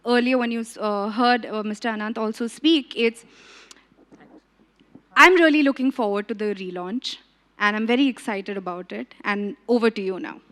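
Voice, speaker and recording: A woman answers interview questions at a press launch. Her voice is a bit high for a woman. She pauses often and thinks aloud with plenty of fillers. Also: fairly bright tone. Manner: hesitant, thoughtful, lots of fillers. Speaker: actress, interview guest.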